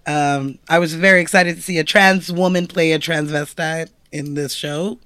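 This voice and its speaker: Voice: mid-range voice, steady tone, normal speed, fairly bright tone, clean tone, dry recording. A podcast co-host talking casually and frankly about films, with a light swear now and then. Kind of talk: casual film discussion.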